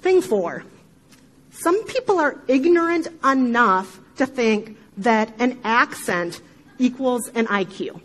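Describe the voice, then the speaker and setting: A middle-aged woman with a Midwestern accent, giving an animated talk to a live audience, with emphatic asides and frequent laughter. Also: a little high, slow, rough recording. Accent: Midwestern American. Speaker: podcast speaker giving a talk.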